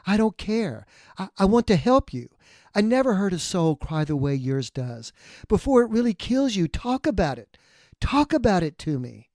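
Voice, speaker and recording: Man playing a breathless, pleading countrywoman, pitched up. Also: very animated, measured pace, gravelly, darkish tone, dry recording, clean studio sound, full character voice. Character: frightened, caring young countrywoman.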